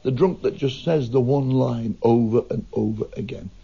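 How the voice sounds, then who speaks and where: A man's voice: medium pitch, gravelly, mellow, husky. A man commenting admiringly on a comedian's work. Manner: admiring, measured. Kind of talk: radio tribute. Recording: dull old radio recording.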